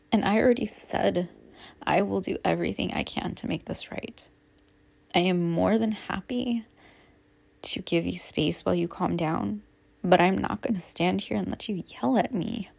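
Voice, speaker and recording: Whispered role-play, woman, slow, gravelly, husky, apologetic and halting. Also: mid-range voice. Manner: apologetic, soft and halting, with many restarts. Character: woman apologizing to her upset partner. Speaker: audio role-play performer playing a girlfriend.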